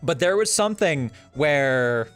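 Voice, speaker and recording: A man's voice: on the high side, lively intonation, measured pace, a bit bright. A man streaming and chatting casually, rambling with lots of fillers. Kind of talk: casual chat. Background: faint music.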